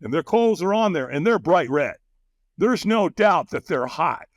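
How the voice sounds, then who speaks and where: Man, podcast guest, animated storyteller, fairly high voice, lively swinging pitch, laughs a lot, dry close sound. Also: measured pace, no room sound. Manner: animated, acts out quoted voices, laughs often. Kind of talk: storytelling in a conversation.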